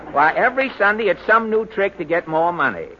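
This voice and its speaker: A man hosting a 1930s radio comedy, trading dry wisecracks, on an old muffled broadcast with loud hiss. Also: high-pitched, lively intonation, a little fast. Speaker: comedy show host.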